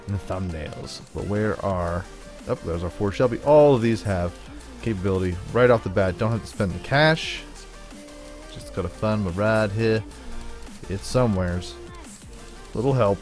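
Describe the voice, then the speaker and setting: A man's voice: fairly low pitch, a little mellow. A man giving playful let's-play commentary on a racing game, joking with his viewers and talking back to the game. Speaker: gaming YouTuber. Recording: game music and car sounds behind. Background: game music and engine noise.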